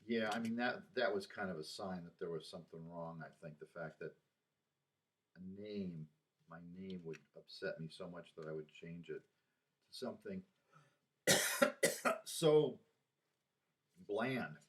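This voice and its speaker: A man in his sixties talking through personal memories in a rambling, halting way, with sighs and restarts. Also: low-pitched, fairly bright tone. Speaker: vlogger. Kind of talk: casual personal monologue.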